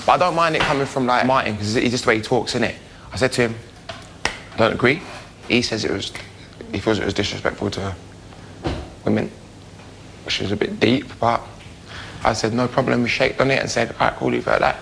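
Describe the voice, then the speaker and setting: A man's voice: mid-range voice, brisk, vocal fry, long pauses, noisy background. A young man chatting casually as a reality show contestant, cheeky and loose with slang. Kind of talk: casual chat.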